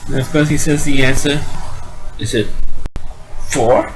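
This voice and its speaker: A man's voice: on the high side, a little slow, faint music behind, poor audio. A man casually retelling a comedy film's scenes, rambling with frequent restarts and fillers. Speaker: amateur movie reviewer. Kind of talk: casual movie recap.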